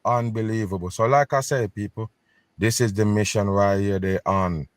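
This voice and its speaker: A man's voice: sits low, no echo, clean studio sound. A man hosting a video in which he reacts to news clips. He talks in an emphatic, scornful tone and keeps telling his viewers to pay attention. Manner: scornful, conspiratorial. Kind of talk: casual commentary.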